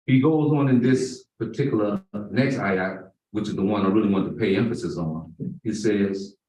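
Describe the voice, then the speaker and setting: A man giving a Friday sermon, emphatic and drawing out key words slowly. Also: on the low side, mellow. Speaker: imam. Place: mosque prayer hall. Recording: roomy echo, far from the mic.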